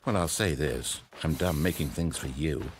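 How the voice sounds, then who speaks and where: A man's voice: rumbling low, normal speed, crowd noise. A man voicing a pompous, condescending male game narrator in a comedy parody, speaking in a grandiose, theatrical way.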